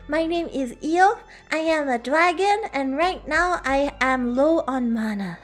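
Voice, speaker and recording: A playful woman chats on her livestream in a bright, high voice that leaps up and down with animation. She giggles often, and soft music runs faintly underneath. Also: very animated, slow pace. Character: playful dragon streamer persona. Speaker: streamer. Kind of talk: casual livestream chat with viewers.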